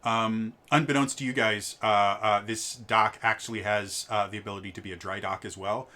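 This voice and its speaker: A man's voice: on the low side, steady tone, normal speed, sharp tone. A man narrating as game master in a tabletop game, stammering with many fillers.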